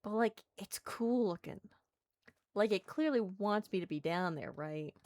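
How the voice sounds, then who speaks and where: A woman's voice: medium pitch, lively intonation, measured pace, a little mellow, dry recording. A woman streamer giving playful gaming commentary, bubbly and jokey, chatting to the characters on screen. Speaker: let's play streamer.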